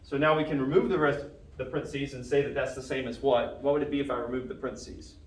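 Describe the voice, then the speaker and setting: A man's voice: medium pitch, steady tone, quick pace, distant mic. Patient male math teacher in echoey classroom. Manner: patient, questioning, checks understanding often.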